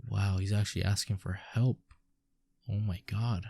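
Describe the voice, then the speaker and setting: A man with a low, mellow voice reads a manga aloud and breaks off to react, laid-back and prone to swearing. The sound is close and dry, with no room around it. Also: steady tone, measured pace, gravelly, no echo. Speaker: manga reader.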